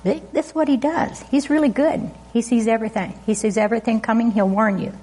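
Husky, laughing woman preacher. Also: on the high side, fast, dark tone. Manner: chatty, laughing often, asking the congregation questions. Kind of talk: informal sermon.

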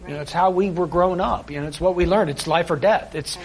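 A man's voice: high voice, quick pace. A middle-aged man co-hosting a Christian talk show, speaking emphatically about faith and raising children. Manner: preachy, emphatic, voices his kids in quotes. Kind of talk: faith-based conversation.

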